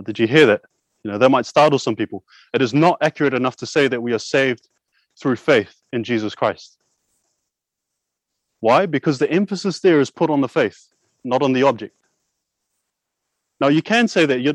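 A young man preaches earnestly, his voice sitting a touch high for a man. He fires off rhetorical questions and slows right down to stress his key lines. The sound is close and dry, with no room around it. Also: no room sound, rough recording. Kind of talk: sermon with props.

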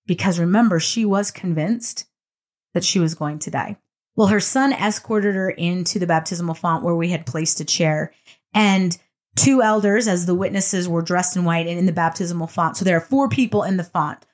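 A middle-aged woman giving a devotional talk, telling a story earnestly and slowing down for emphasis. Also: lowish voice. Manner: earnest, expressive storytelling with slow emphatic pauses.

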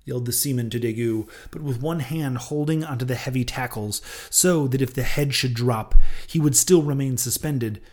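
A man narrating an audiobook of a classic novel in a dramatic, expressive reading. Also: mid-range voice, moderate pace, hardly any pauses.

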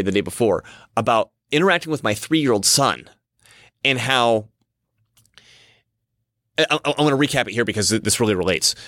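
A man's voice: mid-range voice, bright, forceful tone, no room sound, clean studio sound. A man giving a casual, rambling monologue as a commentator, often repeating himself and restarting his sentences.

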